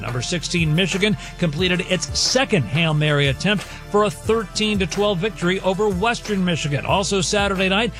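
High-voiced sports news man. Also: fairly bright tone. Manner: brisk, factual reading. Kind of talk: radio sports news update.

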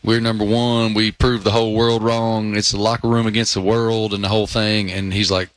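A man who is a guest on a sports talk show, telling animated anecdotes with many fillers. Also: on the low side, a little fast, no room sound. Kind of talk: casual sports chat.

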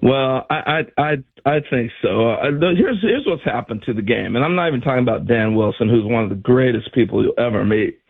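An older man and former ballplayer telling animated stories on a sports radio show, acting out what others said. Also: mid-range voice, fairly quick, vocal fry, hardly any pauses, breathy edge, phone-quality sound. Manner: animated storyteller acting out quotes. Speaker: former player turned radio analyst.

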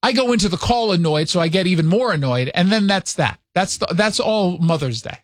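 A man's voice: high-pitched, expressive, a little fast, no echo, clean studio sound. A man from New York, a radio host, ranting sarcastically and with exasperation in casual on-air chat.

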